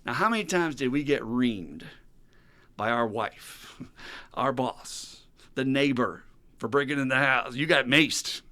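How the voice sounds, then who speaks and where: A man hosting a podcast, telling stories in a casual, animated and profane way. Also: mid-range voice, unhurried, no room sound. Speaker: podcast host. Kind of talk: casual chat.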